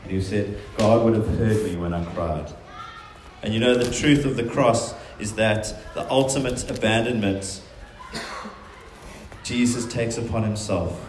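A man's voice: on the low side, a little mellow, slight background noise. A man preaching a sermon, earnest and emphatic, often voicing quotations in a stronger tone. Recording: very echoey room.

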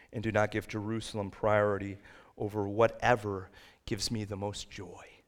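A man's voice: on the low side, level tone, moderate pace. Man preaching a sermon. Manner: rises to loud emphatic peaks when reading scripture and quotes. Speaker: pastor. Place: church sanctuary.

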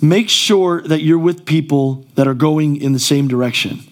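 A man's voice: on the high side, moderate pace. A male pastor preaching a sermon in a church, conversational and then rising to emphatic exclamations.

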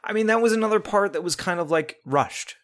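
A man's voice: sits high, fairly quick, a bit bright. A man co-hosting a casual film review podcast, talking in a rambling way with many restarts and fillers. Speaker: podcast co-host.

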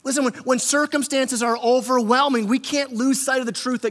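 A man's voice: extremely high pitch, steady tone, fairly quick, a bit bright, long reverb tail. A man preaching a conversational sermon as pastor, often repeating words and acting out quotes. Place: church hall.

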